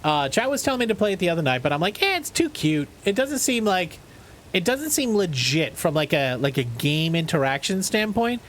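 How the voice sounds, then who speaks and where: A man's voice: high voice, brisk, a little hiss or hum. A man streaming a game live, joking and swearing with his chat and reading out trivia questions between bits of play. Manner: animated, profane, joking with chat; reads trivia questions aloud.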